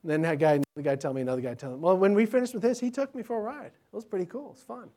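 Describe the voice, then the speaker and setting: A middle-aged man, a pastor, telling stories to children in an animated, chatty way, often restarting his sentences. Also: high voice, rapid-fire. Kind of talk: children's sermon storytelling.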